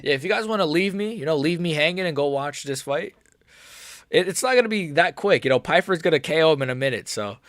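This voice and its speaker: A young man chatting casually during a live stream, excitable and rambling, and he keeps repeating how nervous he is. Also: fairly high pitch, fast, no room sound, studio quality. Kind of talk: live watch-along chat.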